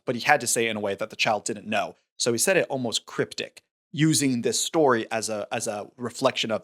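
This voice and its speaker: A man's voice: mid-range voice, a little fast, hardly any pauses, a bit bright. A man co-hosting a movie podcast, talking things through in a thoughtful, rambling way with restarts. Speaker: podcast co-host. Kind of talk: casual film discussion.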